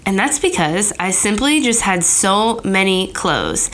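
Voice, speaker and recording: A woman's voice: mid-range voice, sing-song, measured pace, a bit bright. A woman in her thirties hosting a casual podcast, talking in a chatty, candid way, her voice a little nasal from a cold. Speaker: podcast host.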